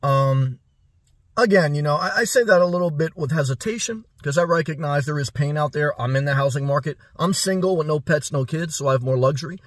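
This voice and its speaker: Husky man, raised pitch, preachy vlogger advice, rhetorical questions, repeats himself, dry close sound. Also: brisk, no room sound. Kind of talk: direct-to-camera advice monologue.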